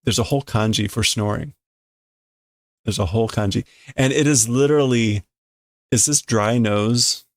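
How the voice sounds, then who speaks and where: A man streaming a casual read-through of a comic, translating line by line in a halting, self-correcting way and chuckling often. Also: lowish voice, dry recording, clean studio sound. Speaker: streamer reading manga to learn a language.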